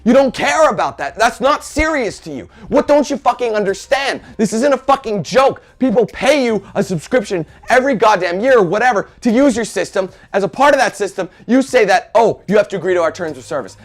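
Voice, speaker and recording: A young man ranting angrily to camera as a gaming video creator, heated and swearing constantly, with loud outbursts. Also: high voice. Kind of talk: angry rant to camera.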